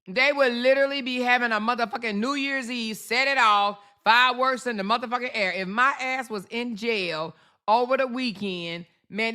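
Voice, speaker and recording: A woman's voice: mid-range voice, pushed and bright. A woman, hosting a casual livestream, brash and profane, calling her viewers y'all and honey. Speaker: livestream host.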